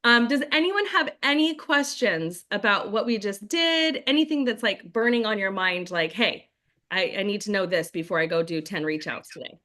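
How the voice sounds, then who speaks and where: A woman's voice: medium pitch, animated, moderate pace, bright, forceful tone. A woman leading a group video call as a network marketing trainer, chatty, with frequent "like" and "right?". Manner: chatty, acts out sample scripts in quotes.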